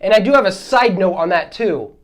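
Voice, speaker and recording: A man hosting a solo podcast, ranting in a heated, exasperated way, his voice swinging between loud outbursts and quieter asides. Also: high-pitched, lively intonation, fairly quick. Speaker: podcast host.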